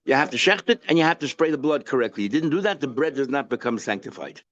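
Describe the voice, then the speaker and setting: A rabbi gives a casual daily Talmud page lecture, posing questions and answering them himself while blending English with Hebrew and Yiddish terms. His male voice sits mid-range, animated and fast, on lo-fi audio.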